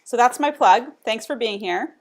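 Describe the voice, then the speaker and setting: A woman's voice: fairly high pitch, animated, normal speed, a little mellow. A woman hosting a casual live-stream chat, upbeat and enthusiastic as she promotes her work. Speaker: coach and host.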